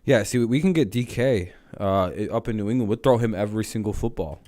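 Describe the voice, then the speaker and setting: A man's voice: lowish voice, fairly quick, warm tone. A man hosting a livestream, chatting casually about football in a rambling, joking way with plenty of swearing. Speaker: livestream host. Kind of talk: casual sports chat.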